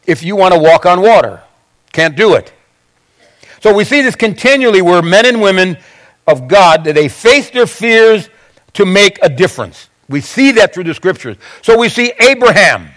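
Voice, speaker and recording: A man's voice: sits high, lively intonation, normal speed, a bit bright. A male pastor preaching a sermon, acting out Bible quotes with frequent restarts.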